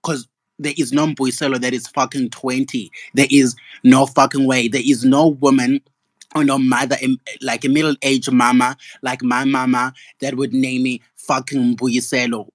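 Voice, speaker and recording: A young South African gossip vlogger rants angrily and profanely in an indignant monologue. His mid-range voice barely moves in pitch, he speaks at a normal speed, and the recording has no echo.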